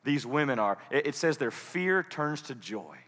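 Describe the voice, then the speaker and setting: A man preaching a sermon as an animated storyteller who slips into different voices. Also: medium pitch, normal speed, long reverb tail. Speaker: pastor. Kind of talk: sermon with dramatic retelling.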